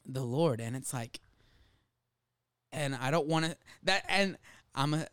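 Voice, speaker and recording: A man co-hosting a casual faith podcast, animated and laughing, acting out little quoted voices as he talks. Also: a little high, a little slow, smooth, dry recording. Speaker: podcast co-host.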